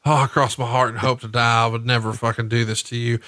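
A man's voice: mid-range voice, level tone, quick pace, sharp tone, no echo, clean studio sound, natural voice. A man putting on a wrestler pleading in mock fear, whiny and profane. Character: cocky male wrestler begging mock-scared.

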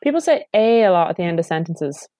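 A woman's voice: on the low side, big pitch swings, fast, mellow, dry recording, studio quality. A young Irish woman, a guest comedian, chatting casually and filling her talk with "like". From Ireland. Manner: chatty, lots of "like" fillers. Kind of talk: casual chat. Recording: dull, lo-fi audio.

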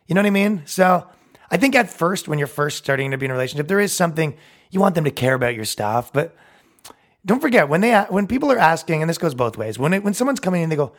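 A man's voice: on the high side, big pitch swings, fast talker. A young man hosting a solo podcast, brash, profane and opinionated, acting out both sides of conversations and laughing at his own jokes. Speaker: podcast host.

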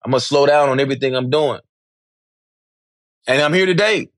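A man's voice: medium pitch, fairly quick, dry recording, studio quality. A middle-aged man, speaking candidly as an interview guest, emphatic and repetitive, swearing freely.

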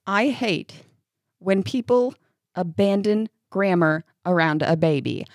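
A woman's voice: lowish voice, lively intonation, slow pace, dry recording, clean studio sound. A woman in her thirties from upstate New York, co-hosting a podcast in casual chat, ranting and laughing often. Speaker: podcast co-host.

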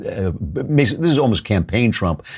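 A male talk show host giving political commentary in a conversational, animated way, often chuckling as he talks. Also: on the low side, a little slow, husky.

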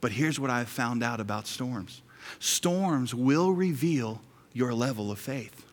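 A man's voice: mid-range voice, expressive, slow. A male pastor preaching a sermon in a conversational, joking way, repeating key lines. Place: church sanctuary. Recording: hall reverb.

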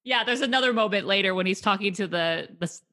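A woman's voice: medium pitch, fast. A woman co-hosting a podcast, casually talking through a movie's scenes with lots of laughter. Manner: animated retelling with laughter. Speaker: podcast co-host.

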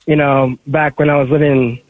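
A man's voice: mid-range voice, flat delivery, normal speed, dry recording. A man calling in to a radio show, chatting in an easygoing, laid-back way. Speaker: caller. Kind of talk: casual call-in chat. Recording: tinny phone line.

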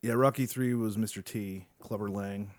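A man's voice: lowish voice, fairly even intonation, normal speed. A man in casual chat, teasing the others with dry jokes.

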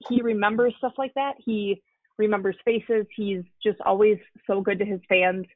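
Chatty mom guest, casual storyteller, heavy on fillers, muffled dry sound. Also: female voice, medium pitch, steady tone, normal speed, no echo. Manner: chatty, many fillers and restarts. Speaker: guest, mother of a young fan.

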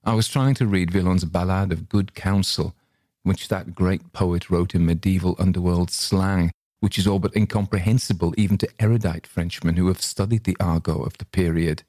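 A man reads a story aloud in a measured, unhurried way. His voice sits very low and steady. The recording is dry and close, with no room sound. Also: no room sound. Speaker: story reader. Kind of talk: scripted story narration.

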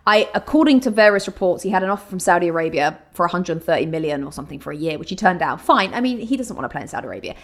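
An English woman in her forties gives strong opinions in a relaxed interview. She talks with lively conviction and drops quick, playful asides. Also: fairly low pitch. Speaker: guest, football TV presenter. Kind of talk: casual interview chat.

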